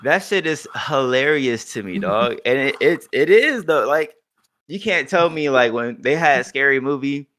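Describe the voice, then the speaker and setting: Young male podcast co-host, bright tone, casual profane banter. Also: medium pitch, expressive, moderate pace. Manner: loose, profane, joking banter. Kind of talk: casual chat.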